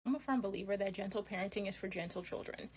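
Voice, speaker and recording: A woman's voice: medium pitch, fast, slight background noise. A mother giving firm, blunt opinions in a vlog.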